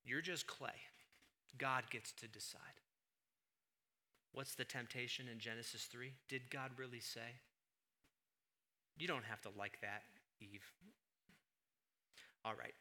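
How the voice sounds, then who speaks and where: A man preaching a sermon as pastor, moving between quiet, low asides and loud, emphatic stretches. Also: a little slow, pauses often.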